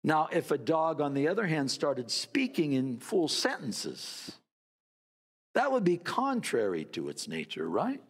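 A man's voice: fairly high pitch, very animated, unhurried, husky, long reverb tail. A man preaching a sermon, telling a story and mimicking barking dogs with playful asides. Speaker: pastor.

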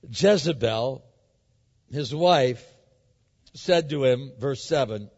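Animated preacher with a lively voice. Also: male voice, medium pitch, slow pace, pauses often. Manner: animated, emphatic, acts out the scripture. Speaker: pastor. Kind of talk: sermon. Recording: echoey hall, dull sound.

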